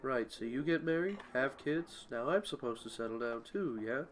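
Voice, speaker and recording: A man voicing a brash, scarred young warrior who talks low, sneering and dismissive, with game music behind. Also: lively intonation, normal speed, slight background noise, natural voice. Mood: resentful.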